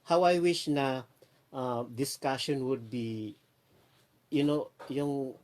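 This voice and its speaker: A man's voice: mid-range voice, slow, a little mellow. A man with a Filipino accent, rambling in a casual livestream chat and greeting viewers by name. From Philippines. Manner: rambling, switches between Tagalog and English, greets viewers by name. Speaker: livestream host.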